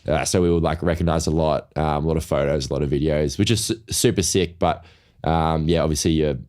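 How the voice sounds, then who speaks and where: A man's voice: very deep voice, steady tone, a little fast, darkish tone. A young man, co-hosting a podcast in an easygoing, joking manner. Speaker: podcast co-host. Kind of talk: casual chat.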